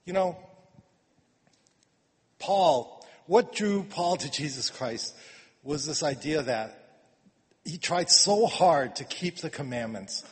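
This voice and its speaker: Male preacher, a bit high-pitched, casual sermon delivery with restarts, echoing hall. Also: lively intonation, slow pace, pauses often. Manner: conversational, repeats words, swings from quiet to emphatic. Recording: long reverb of a hall.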